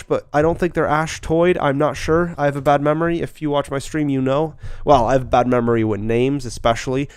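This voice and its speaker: A man chatting quickly and casually on a live stream, joking about himself while greeting viewers. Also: fairly high pitch, darkish tone, smooth, no room sound. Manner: fast-talking, chatty, self-deprecating. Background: faint background beats.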